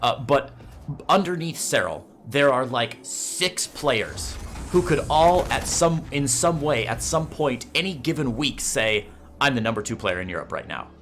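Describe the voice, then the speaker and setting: A man's voice: medium pitch, expressive, unhurried, fairly bright tone, a little hiss or hum. A man with a Midwestern American accent casting an esports match, chatty and joking. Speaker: esports caster. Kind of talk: play-by-play commentary.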